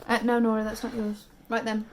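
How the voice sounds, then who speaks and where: A tired British woman in her thirties, chatting casually to camera as a vlogging mother, often dropping into quiet whispered asides. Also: fairly high pitch, completely flat delivery, fairly quick, slight background noise. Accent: British English. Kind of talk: casual vlog chat.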